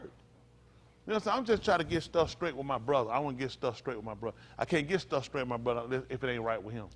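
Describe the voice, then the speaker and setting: A man's voice: mid-range voice, expressive. A male pastor preaching a loose, conversational sermon, asking the congregation questions and spelling out words. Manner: stops to spell out Hebrew words slowly.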